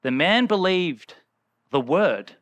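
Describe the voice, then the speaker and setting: A man preaches with a bright, clear voice pitched a little high for a man. He talks loosely and conversationally, acting out the people in his story. The sound is close and dry. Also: lively intonation, takes it slowly, no echo. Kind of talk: sermon.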